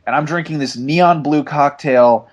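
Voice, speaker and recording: A man's voice: fairly high pitch, a little slow, lo-fi sound. A young man on a podcast, telling a long, rambling story full of ums and restarts in casual chat. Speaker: podcast regular.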